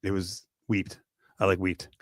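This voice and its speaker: A middle-aged man hosting a sports radio show in a studio, joking and animated. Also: sits low, a little slow, dry recording. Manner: animated, joking, swings from mutter to near-shout. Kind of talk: casual sports talk. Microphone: studio mic.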